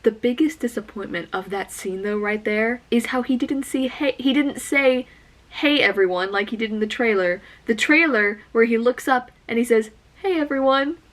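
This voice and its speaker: A young woman doing film reaction commentary in an excitable, gushing, chatty way. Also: a little high, moderate pace. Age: young adult. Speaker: movie reaction YouTuber.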